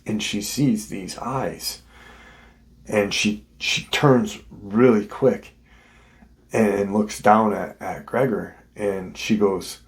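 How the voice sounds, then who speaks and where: Slow, low-voiced man retelling a story. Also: steady tone. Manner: unscripted, many ums and restarts. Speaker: host of a paranormal encounter channel. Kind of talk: casual spoken retelling of a listener's story.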